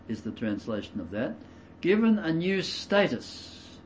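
A man preaching a verse-by-verse sermon. He stresses key words loudly, drops into quiet asides, and explains with everyday examples. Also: medium pitch, animated, measured pace. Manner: emphatic, swings between loud stresses and quiet asides. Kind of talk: expository sermon.

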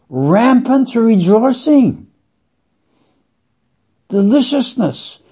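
Husky guy preaching, slow and dramatic, dull lo-fi sound. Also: sing-song. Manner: emphatic, sweeping swings in pitch and loudness; slow, deliberate, drawn-out phrasing. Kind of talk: sermon. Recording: dull lo-fi recording.

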